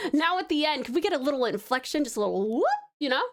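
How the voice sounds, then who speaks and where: A woman's voice: high voice, animated, brisk. A woman with an Australian accent, chatting casually with her stream chat while she draws, playful and laughing often.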